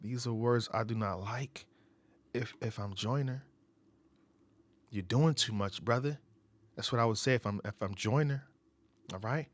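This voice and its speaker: A man hosting a reaction show, talking in casual commentary with animated outbursts and phrases repeated for emphasis. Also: mid-range voice, no echo. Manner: breaks into loud excited outbursts. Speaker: reaction channel host.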